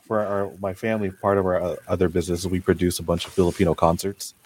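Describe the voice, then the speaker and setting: A young American man, a podcast co-host, telling lively stories in casual chat, swearing often and acting out the people he quotes. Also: deep voice, fast, slight background noise. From United States. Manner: animated storyteller, swears often, acts out quotes.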